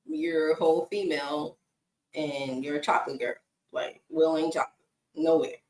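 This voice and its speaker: A woman's voice: low-pitched, steady tone, moderate pace, darkish tone, a little hiss or hum. A woman who works as a single mom coach, telling stories in a casual chatty vlog and laughing often. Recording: echoey room.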